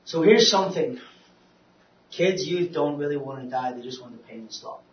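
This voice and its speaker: A man's voice: a little high, animated, a little hiss or hum. Guy preaching from far off in a big roomy hall, stumbles and repeats himself, dull sound. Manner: halting, repeats words, swings from loud urging to quiet. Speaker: speaker on depression, preacher. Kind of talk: sermon with personal testimony.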